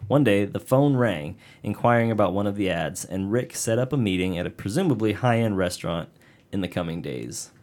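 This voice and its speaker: A man with a lowish voice co-hosts a casual podcast, reading out a case and breaking off for joking asides. He sounds relaxed and chatty. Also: brisk. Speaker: podcast co-host narrating a case. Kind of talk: casual podcast chat with read narration.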